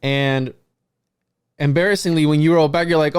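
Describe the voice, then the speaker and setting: A man hosting a podcast, telling a story to his guests in a casual, animated way and acting out what people said. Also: a little high, normal speed, pauses often, clean tone, dry recording, studio quality. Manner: animated storyteller, quotes people in lively voices, frequent restarts. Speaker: podcast host.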